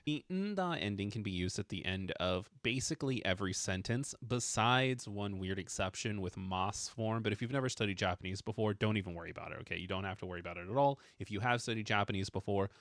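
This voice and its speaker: A man with a fairly low voice walks learners through a casual video lesson. He explains patiently but playfully, leaning hard on emphatic words. The sound is dry and close, with no room echo. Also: a bit bright. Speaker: Japanese language teacher.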